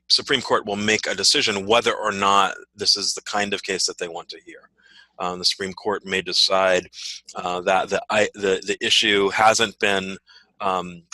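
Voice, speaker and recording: Man, law professor, very low pitch, sharp bright tone, dry sound, keeps asking "right?". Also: steady tone, moderate pace, dry recording, poor audio. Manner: frequent "right?" checks and fillers. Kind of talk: teaching a class discussion.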